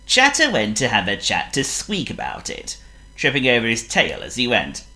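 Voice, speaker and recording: A woman reading a children's story aloud, playful and expressive. Her voice is unusually deep for a woman yet bright. She reads slowly with huge swings in pitch.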